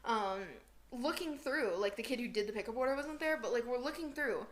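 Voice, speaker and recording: A woman's voice: a little high, fairly quick. A young woman co-hosting a podcast, telling retail stories in casual chat, laughing often and acting out quotes. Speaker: podcast co-host.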